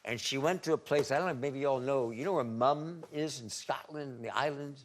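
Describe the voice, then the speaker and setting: A man in his seventies, a talk show guest, telling anecdotes in a halting way, repeating words and laughing at his own stories. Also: mid-range voice. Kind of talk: anecdotal storytelling. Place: TV studio.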